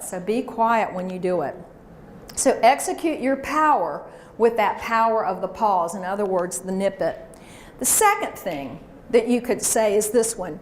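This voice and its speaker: Speaking at medium pitch and a moderate pace, a woman leads a workshop, coaching a live audience with energy and call-and-response chants. The large room with its audience makes the recording echoey, with slight hiss or hum.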